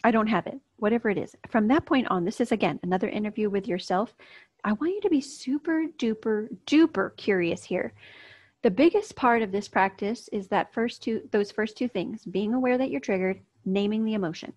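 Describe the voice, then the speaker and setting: A woman coach teaches an online course lesson outdoors near a street, speaking straight to her viewers in a casual, upbeat way. Her medium-pitched voice is animated, fairly quick, and a little mellow, with no room sound and a dull, dry, slightly lo-fi recording.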